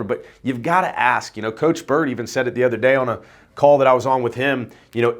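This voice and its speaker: A man's voice: medium pitch, a bit bright. A man who runs an insurance agency, talking casually to camera and coaching agents in a loose, rambling way, often tagging "right?" on his points. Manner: casual, swears offhand. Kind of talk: casual vlog talk.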